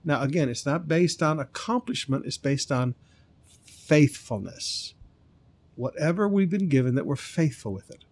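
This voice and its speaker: Emphatic pastor, slightly high voice. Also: male voice, expressive, darkish tone. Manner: emphatic, stretches key words slowly. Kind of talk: sermon.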